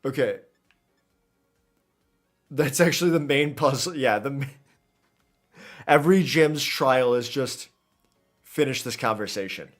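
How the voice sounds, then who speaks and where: A man's voice: medium pitch, a little slow, pauses often, faint music behind. A man streaming a video game, chatting casually in a rambling, jokey way and often tripping over his words. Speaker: gaming streamer. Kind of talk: casual let's-play commentary.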